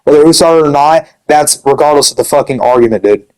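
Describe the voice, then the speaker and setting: A young man with a slightly high, darkish, clear and resonant voice talks fast over poor audio. He rants angrily about a member of his gaming community, cursing heavily and repeating "dude" constantly.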